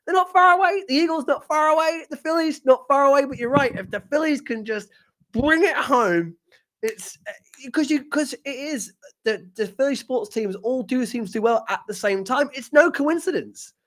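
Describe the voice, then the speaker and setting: A man's voice: very high-pitched, moderate pace, a bit bright. Enthusiastic podcast host man. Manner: enthusiastic, agreeable, laughs often. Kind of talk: casual interview chat.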